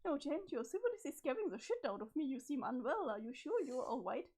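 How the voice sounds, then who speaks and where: An uneasy young man, read by a woman in a near-normal voice speaks with hesitation and alarm. The voice is fairly high. It comes from a casual webcomic read-aloud. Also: big pitch swings, a little fast, darkish tone, full character voice. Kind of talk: dramatic reading of a webcomic.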